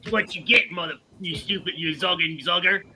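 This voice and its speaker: A man voicing a brash, rowdy male orc warrior with a gruff growl who shouts insults. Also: high-pitched, a little fast, close to an everyday voice, poor audio. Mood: insulting.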